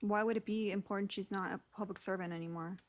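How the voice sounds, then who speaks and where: A woman co-hosting a casual livestream chat, calm and matter-of-fact. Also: mid-range voice, fast, no room sound.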